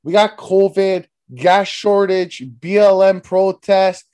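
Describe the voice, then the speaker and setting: A young man hosting a casual comedy podcast, joking around loudly and swearing freely. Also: high voice, level tone, slow pace, clear, resonant tone. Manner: loud, profane, joking banter. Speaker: podcast host.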